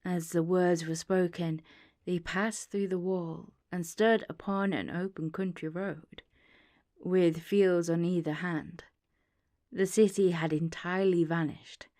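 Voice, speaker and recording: A woman narrating a classic tale as a bedtime audiobook in a calm, measured reading voice. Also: lowish voice. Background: soft ambient music.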